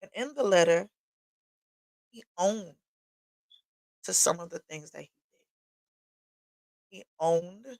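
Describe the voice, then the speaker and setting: Tearful, candid woman with a gravelly voice. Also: lowish voice, takes it slowly, pauses often, darkish tone, no echo, poor audio. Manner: candid, emotional, tearful, with blunt asides. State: tearful and sniffling. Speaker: livestream host. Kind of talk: personal testimony talk. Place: home workshop.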